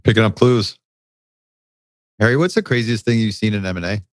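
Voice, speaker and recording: A man hosting a podcast interview, asking questions and wrapping up in a brisk, appreciative way. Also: on the low side, no room sound. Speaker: podcast host.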